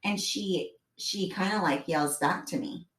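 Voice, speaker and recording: This podcast co-host talks casually, acting out family scenes with lively storytelling flair. She speaks on the low side at a measured pace, and the recording is reverberant and taken from a distance.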